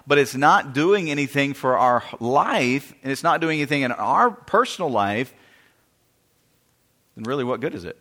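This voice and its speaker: A man's voice: fairly high pitch, animated, moderate pace, a bit bright. A man preaching a sermon in an earnest way, often restarting phrases and asking the congregation questions. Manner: earnest, repetitive, asks the audience questions. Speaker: pastor. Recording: long hall reverb.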